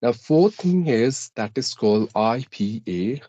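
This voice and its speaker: A man's voice: medium pitch, animated, measured pace, mellow, dry recording, lo-fi sound. A man, an English teacher, explaining pronunciation and accent by going through numbered rules. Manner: methodical, lists numbered rules. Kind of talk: explaining English-speaking tips.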